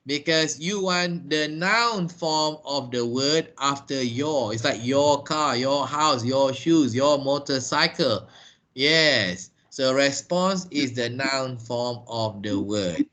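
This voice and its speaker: A man's voice: medium pitch, takes it slowly, fairly bright tone. A man teaching an online lesson over a video call, spelling words out letter by letter and drilling pronunciation. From Malaysia. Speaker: English teacher.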